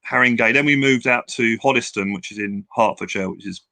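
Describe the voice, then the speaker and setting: An older man from England reminisces in a loose, rambling way, circling back and restarting his sentences. His voice is bright and forward. The sound is dry, close and without room echo. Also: medium pitch, fairly quick, vocal fry. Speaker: guest. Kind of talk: casual interview storytelling.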